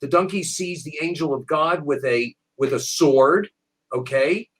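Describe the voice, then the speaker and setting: Man, rabbi, husky voice, higher pitch, animated Bible teaching, frequent restarts. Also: measured pace, low-quality recording.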